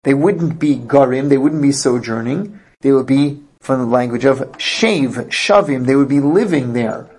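A man's voice: mid-range voice, moderate pace, a little mellow, husky. A man teaching a verse-by-verse scripture class, reading Hebrew phrases aloud and translating them with emphatic explanations. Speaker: Bible teacher.

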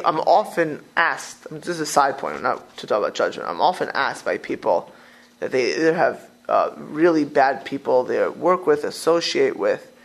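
A man teaches an informal Torah class in a high, gravelly voice. He is animated and stumbles through restarts, mixing Hebrew phrases into his English. The rasp of fry sits under his words.

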